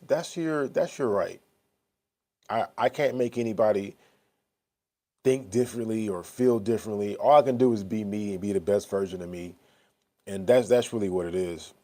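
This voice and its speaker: Speaking casually to his viewers, a man in his thirties has a mellow voice on the low side. This vlogger is blunt and rambling, swears, and keeps checking in with "you know what I'm saying."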